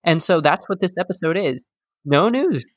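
A man's voice: fairly high pitch, lively intonation, normal speed, dry recording, clean studio sound. Chatty young man hosting a podcast. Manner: chatty, filler-heavy, self-deprecating. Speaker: podcast host. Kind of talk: casual podcast chat.

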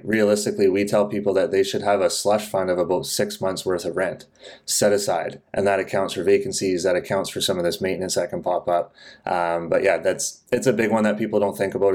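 A Canadian man speaks in a low, flat voice with little pitch movement. He talks bluntly and casually about rental upkeep, tossing in "like" and "right?" often. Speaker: podcast co-host. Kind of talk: casual podcast talk.

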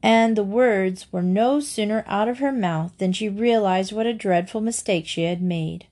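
A woman reading a children's book aloud in a slow, even narration. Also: mid-range voice.

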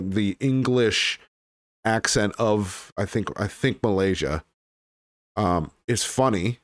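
Blunt, rambling man with a lowish voice. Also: no echo, studio quality. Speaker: podcast host. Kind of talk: casual chat.

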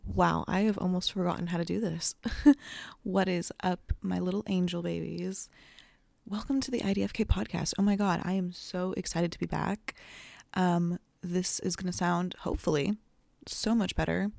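A woman's voice: on the low side, fairly even intonation, normal speed, creaky, darkish tone, no room sound. A young woman hosting a casual podcast, bubbly and full of fillers and casual swearing, with a sleepy voice. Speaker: podcast host. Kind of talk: casual chat. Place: at home, sitting on the floor.

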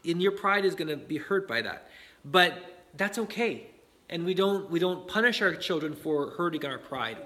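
A man delivers a sermon in a loose, conversational way, leaning on fillers and quick check-ins with the listeners. His voice sits a little higher than most men's, and he slips in light laughs between points. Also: sharp tone. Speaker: pastor.

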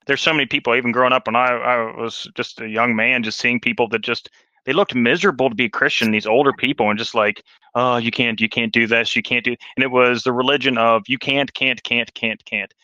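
A man talking casually on a Christian podcast, animated and telling stories with acted-out quotes. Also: mid-range voice, brisk, dry recording, highs cut off. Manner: animated storyteller, acts out quotes.

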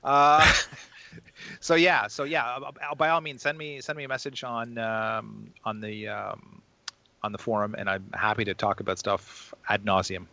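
A man on a casual podcast with a lowish voice that still has a bright edge. He talks in a chatty, joking way and slips in quick asides. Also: steady tone, vocal fry, dull audio. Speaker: podcast co-host.

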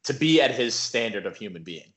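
A man's voice: on the low side, sing-song, fairly quick, fairly bright tone. A man hosting a podcast in casual, rambling chat. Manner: laid-back, rambling. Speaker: podcast host.

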